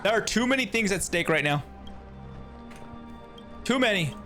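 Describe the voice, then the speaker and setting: A man streaming a reaction to a game, talking casually with animated, exasperated outbursts. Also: high-pitched, normal speed, music in the background.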